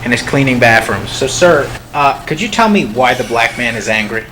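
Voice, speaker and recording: A man's voice: mid-range voice, lively intonation, normal speed, poor audio. A man doing an earnest, awkward documentary director. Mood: pressing. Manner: earnest, hesitant interviewer. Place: outdoors on a city street. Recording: loud street traffic noise.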